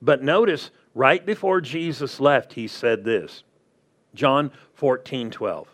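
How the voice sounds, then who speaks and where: A man's voice: medium pitch, lively intonation, slow, fairly bright tone. A man preaching a sermon in a conversational way, often checking in with the congregation. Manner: conversational preaching, asks the crowd "are you with me". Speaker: pastor.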